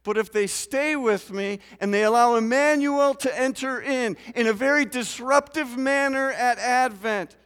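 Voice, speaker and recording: A man preaching a sermon in a church, moving from quiet scripture reading to loud, rising emphasis. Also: very high-pitched, measured pace, few pauses, clear, resonant tone. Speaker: pastor. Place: church sanctuary. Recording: long church reverb.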